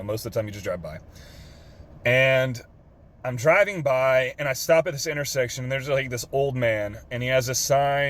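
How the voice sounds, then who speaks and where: A young man from Texas with a drawl, earnestly telling an emotional story in his car, swearing casually with lots of fillers. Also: mid-range voice. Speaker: vlogger. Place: parked car.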